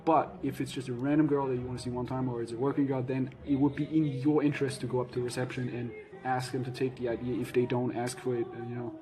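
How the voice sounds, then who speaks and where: A man vlogging casually, reading out viewer questions and answering them frankly, with frequent pauses and fillers. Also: medium pitch, flat delivery, low-quality recording. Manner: frank, matter-of-fact, hesitant with fillers. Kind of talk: casual Q&A chat.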